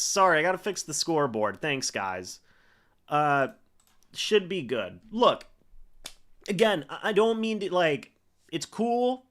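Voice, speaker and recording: A young man hosting a live stream, reacting to a football game and calling plays in an excitable way, full of fillers. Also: fairly high pitch, unhurried. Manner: excitable play-by-play with frequent fillers.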